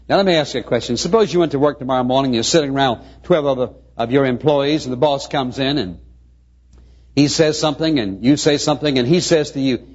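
Husky-voiced male preacher, earnest. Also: on the high side, lively intonation, brisk. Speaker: pastor. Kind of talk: sermon. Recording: muffled lo-fi sermon recording.

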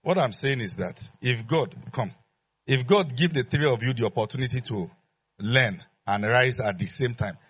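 Man, pastor, husky mid-range voice, emphatic sermon with repeated lines and call-and-response. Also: medium pitch, expressive, normal speed, a bit bright.

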